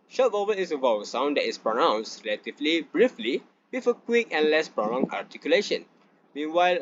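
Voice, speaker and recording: A young man giving a student class presentation, reading from slides with pauses and restarts. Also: on the high side, dull audio, slight background noise. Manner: reads from slides with frequent fillers and restarts.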